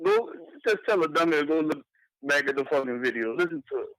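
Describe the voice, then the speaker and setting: A man calling in to a show, ranting in an animated, profane way. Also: fairly high pitch, fairly quick, vocal fry, no room sound, rough recording. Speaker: caller. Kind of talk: casual call-in rant.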